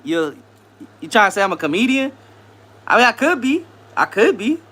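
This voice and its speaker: A man's voice: high voice, very animated, normal speed, sharp tone. Laid-back man chatting on a live stream. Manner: laid-back slangy banter, laughs often. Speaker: live stream host reading chat. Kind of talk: casual live stream chat.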